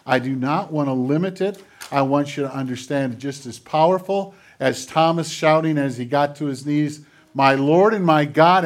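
A man preaching a sermon to a congregation, retelling scenes dramatically and dropping into quiet, hushed passages. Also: mid-range voice. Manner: dramatic retellings, drops to near whispers. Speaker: pastor. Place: church filmed on camera.

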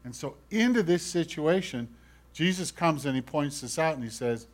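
A man preaching a sermon, earnest and pleading, swinging from loud emphasis to hushed asides and asking his listeners direct questions. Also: fairly high pitch, lively intonation, moderate pace. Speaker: pastor.

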